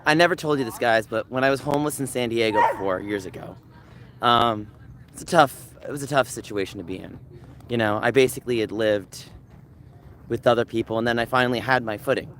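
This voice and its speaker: A man's voice: medium pitch, a little fast, fairly bright tone. A man live streaming outdoors from a dog park, chatting loosely and reading chat aloud while he walks. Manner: rambling, reads chat aloud, talks to dogs. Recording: faint outdoor noise, dogs barking. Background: dogs and faint outdoor ambience.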